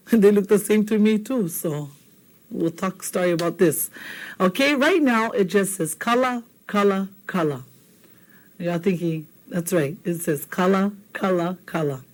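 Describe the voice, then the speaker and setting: A woman's voice: lowish voice, a little mellow, rough recording. Patient Hawaiian-accented woman teaching words. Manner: patient, playful, repeats words slowly and checks in with "okay?". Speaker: language teacher. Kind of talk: televised language lesson.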